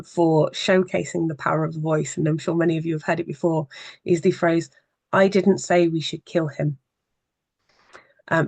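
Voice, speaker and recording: Workshop trainer with a gravelly voice and dry, close sound, talking through tips conversationally with frequent pauses. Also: medium pitch, darkish tone, no echo. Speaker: social media marketing trainer. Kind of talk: evening workshop presentation.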